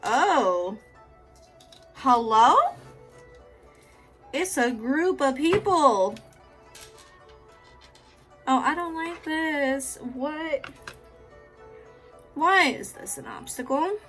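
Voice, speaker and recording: A young woman doing a casual tarot reading, swinging from hushed prayers to loud, laughing, swearing outbursts. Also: high voice, animated, very slow, long pauses, faint music behind. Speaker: tarot reader.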